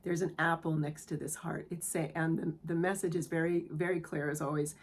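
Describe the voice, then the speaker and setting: Talking a little fast in a low, level voice, a woman gives a spiritual tarot reading to camera for viewers of her own channel. She comes across as earnest, gentle and affirming, and she is emotional and close to tears.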